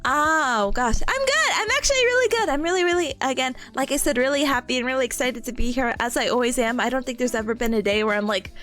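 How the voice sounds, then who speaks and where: A woman live-streaming in casual chat, giggly and bubbly, warmly greeting her chat. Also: sits high, quick pace, few pauses.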